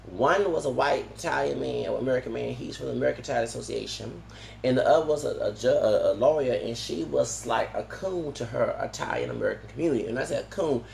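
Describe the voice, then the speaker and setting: A man with a heavily gravelly voice talks on in a digressive, loose monologue. He keeps restarting his sentences and tacking on "okay?" as he goes. The sound is roomy and echoey, with faint ambience underneath. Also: medium pitch, fast talker, darkish tone, slight background noise. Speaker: vlogger. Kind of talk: rambling monologue.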